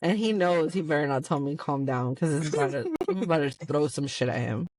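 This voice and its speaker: A woman teases her husband in loose, laughing chat. Her voice sits low, and the sound is dry and close. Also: animated, quick pace, a little mellow, no echo. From Latina. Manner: playful teasing, laughing. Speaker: host's wife, co-host. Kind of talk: casual banter. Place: car while driving.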